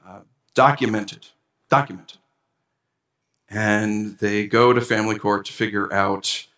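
A man preaching a sermon as a pastor, animated and acting out complaints to God with a rising voice. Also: fairly low pitch, reverberant.

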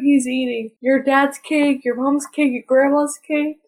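A woman's voice: high-pitched, level tone, a little slow, few pauses, darkish tone, low-quality recording. A woman hosting her own podcast, telling personal stories in earnest, plain short sentences. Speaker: podcast host. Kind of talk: casual personal storytelling.

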